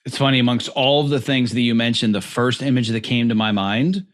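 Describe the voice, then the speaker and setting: A middle-aged man hosting a podcast, telling a reflective personal story at a steady pace. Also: medium pitch, brisk. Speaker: podcast host. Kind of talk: conversational interview.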